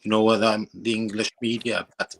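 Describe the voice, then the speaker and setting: A man speaking as a guest on a fan podcast, hesitant, with frequent pauses and restarts. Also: on the low side, level tone. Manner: hesitant, many ums and restarts. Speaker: panel guest. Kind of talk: casual chat.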